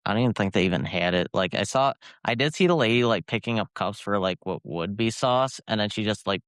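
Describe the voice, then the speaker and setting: A young man with a Michigan accent tells meandering stories in a casual podcast chat. His voice is smooth and resonant at a middling pitch. The sound is dry and close. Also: expressive, fairly quick, fairly bright tone, no room sound. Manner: rambling, filler-heavy storytelling. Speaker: podcast co-host.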